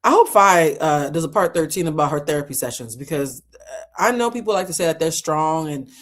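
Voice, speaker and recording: Low-voiced woman giving blunt commentary. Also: lively intonation, brisk. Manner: blunt, frank and profane. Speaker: commentator reacting to a clip. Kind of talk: reaction commentary.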